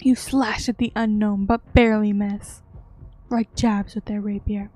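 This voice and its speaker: This young woman's voice is medium in pitch, level and warm as she plays a horror game for a let's-play stream. She reads the on-screen text slowly, then reacts with yelps and laughter.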